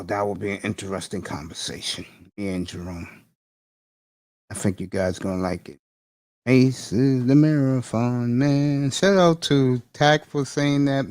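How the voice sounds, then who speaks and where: A man's voice: mid-range voice, darkish tone. A middle-aged man hosting a morning talk stream, chatting loosely with listeners in slangy banter and laughing often. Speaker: host of a morning talk show. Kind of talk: casual live-stream chat.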